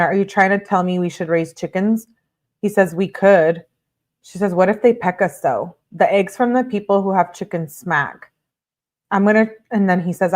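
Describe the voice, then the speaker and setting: Chatty woman reading text messages aloud. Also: on the low side. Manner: reads messages aloud, reacting with chatty asides. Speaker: true-crime commentary host.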